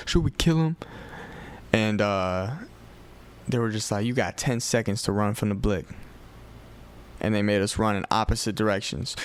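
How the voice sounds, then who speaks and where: A young man from Chicago with a Chicago accent, telling a profane, animated story on a podcast. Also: fairly low pitch, clean tone. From north side of Chicago. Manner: profane, animated retelling with quoted voices. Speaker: podcast host. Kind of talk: casual storytelling.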